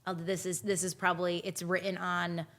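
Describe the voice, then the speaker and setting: A woman's voice: on the low side, flat delivery, a bit bright. A woman guest on a podcast, chatting candidly in a goofy, off-the-cuff way. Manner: goofy, candid, talks in quick bursts. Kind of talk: casual chat.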